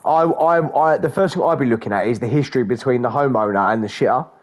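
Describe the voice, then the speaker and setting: A man's voice: mid-range voice, quick pace. A man co-hosting a podcast, joking crudely and swearing in casual chat. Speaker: podcast co-host.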